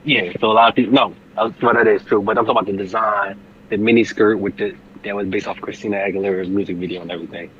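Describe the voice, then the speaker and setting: A man co-hosting a casual chat, talking in an excitable, slangy way with many restarts, on a dull, lo-fi recording. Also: on the low side, fast, a little hiss or hum. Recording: dull lo-fi sound.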